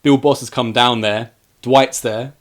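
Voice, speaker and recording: Casting: man, mid-pitched, lively storyteller for a casual film podcast. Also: a little slow. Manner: animated retelling, acts out quoted lines. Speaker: podcast co-host reviewing films. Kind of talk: casual film review chat.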